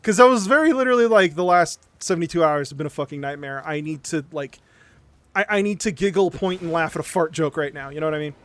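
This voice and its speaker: High-ish guy streamer ranting a story, sarcastic, swears a lot, stumbles over words, no room sound. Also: fast, dry recording. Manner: animated, sarcastic, profane, stammering restarts. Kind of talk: casual storytelling.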